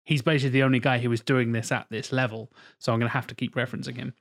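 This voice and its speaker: A man's voice: medium pitch, level tone, very fast, vocal fry. A man co-hosting a casual podcast chat, rambling with many fillers and the odd swear. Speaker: podcast co-host.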